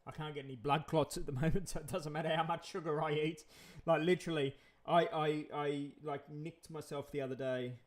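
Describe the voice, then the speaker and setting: A man's voice: a little high, steady tone, fairly quick, hardly any pauses. A man, chatting in a rambling vlog monologue, repeating himself and chuckling often. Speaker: vlogger.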